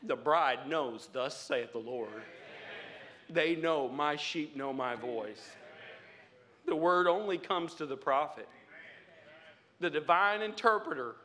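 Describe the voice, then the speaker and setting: Bright-voiced man preaching a lively sermon. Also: a little high, takes it slowly, pauses often. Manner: laughs often, builds to loud exclamations. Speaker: pastor.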